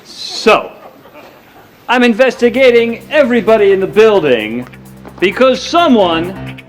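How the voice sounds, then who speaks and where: An actor playing an officious, earnest male police detective, formal and deliberate in a sitcom. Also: sits high, soft background music. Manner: formal, animated, slow and deliberate. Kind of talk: sitcom acting.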